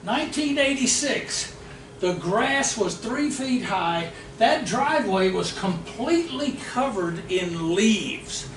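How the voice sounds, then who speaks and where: High-voiced man telling stories at a seminar. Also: slow. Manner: animated, laughing storyteller. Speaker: real estate investing trainer. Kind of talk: storytelling seminar talk. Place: meeting room of an investors' association. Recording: roomy hall, distant mic, background noise.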